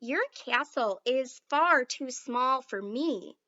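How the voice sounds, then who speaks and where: A woman voicing a big storybook dragon who speaks gently and apologetically. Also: high-pitched, lively intonation, takes it slowly, highs cut off, heavily acted. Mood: apologetic.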